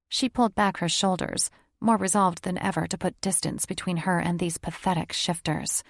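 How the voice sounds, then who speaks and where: A woman reading a paranormal romance audiobook as narrator in steady storytelling. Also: on the low side, normal speed, vocal fry, no echo, clean studio sound. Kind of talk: scripted narration.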